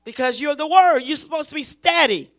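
High-voiced woman preaching emphatically. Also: a little fast. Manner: emphatic, repeats phrases, rises to near-shouting. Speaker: Bible study teacher. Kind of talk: preaching in a Bible study.

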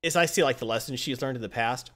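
A man's voice: mid-range voice, fast, a bit bright. A man in casual chat, rambling through a story recap with lots of fillers.

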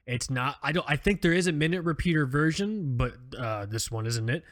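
A man's voice: on the high side, lively intonation, a little fast, a bit bright. A man co-hosting a podcast in casual chat, rambling and joking with plenty of restarts and fillers. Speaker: podcast co-host.

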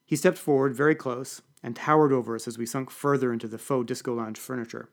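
A man's voice: mid-range voice, steady tone, quick pace. A man giving a dry, wry first-person audiobook narration.

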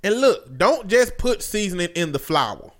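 A man's voice: high-pitched, big pitch swings, normal speed, a bit bright. A man co-hosting a podcast in casual banter, joking and emphatic, laughing often. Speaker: podcast co-host.

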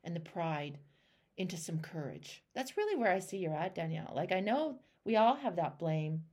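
A woman who is a life coach and show host leads a one-on-one coaching call in a fairly low, darkish, animated voice at a moderate pace. She talks emphatically, acts out the voices in people's heads, and swears casually.

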